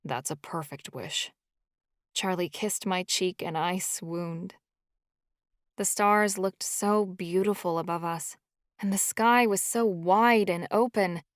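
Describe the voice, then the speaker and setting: A woman's voice: mid-range voice, steady tone, slow, dry recording, studio quality. A woman reading a first-person novel aloud as an audiobook narrator, in a storytelling delivery.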